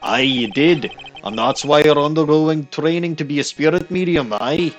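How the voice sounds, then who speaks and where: Man, put-on Scottish accent, joking game commentary, slightly higher pitch, soft music behind. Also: moderate pace, highs cut off. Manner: goofy, reads dialogue in a put-on Scottish accent. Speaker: let's play streamer. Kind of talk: game commentary with reading aloud.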